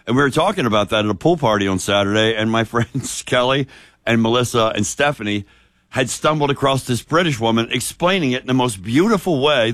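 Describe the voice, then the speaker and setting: A man co-hosting a casual studio talk show tells stories in an animated way. His pitch moves a lot, and the dry studio sound keeps him close and clear. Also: dry recording. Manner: animated, storytelling, drops into quoted voices. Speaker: morning show co-host.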